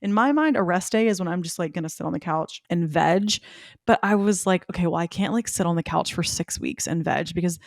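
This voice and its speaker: Young woman podcast host, lower-pitched voice, close dry mic, chatty and upbeat with frequent laughs. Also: a little fast, gravelly, no room sound. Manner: chatty, upbeat, laughs often, animated quoting. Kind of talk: casual chat.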